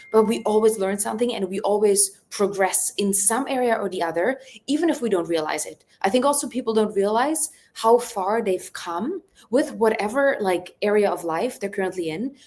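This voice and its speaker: Podcast guest, woman, mindset coach; enthusiastic, casual, "like"-heavy speech. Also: mid-range voice. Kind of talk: casual interview chat.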